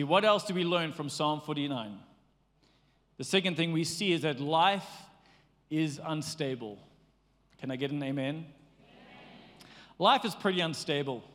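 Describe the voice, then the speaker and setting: A man preaching a sermon in a lively, conversational way, slipping into playful acted asides. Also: fairly high pitch, big-room sound. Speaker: pastor.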